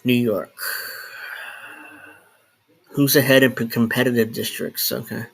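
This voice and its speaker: A man's voice: medium pitch, fairly even intonation, measured pace, vocal fry, a bit bright, husky. A man talking off the cuff on a solo live stream at home, rambling, restarting sentences and swearing now and then. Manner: rambling, self-interrupting, swears and laughs. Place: home, in New Jersey.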